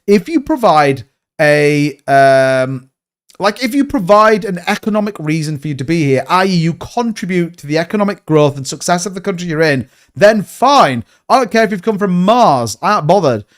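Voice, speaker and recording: A high-pitched, expressive Yorkshireman speaks at a moderate pace while hosting a crypto livestream. He chats casually through viewer comments, giving blunt answers, frequently repeating himself and calling people mate.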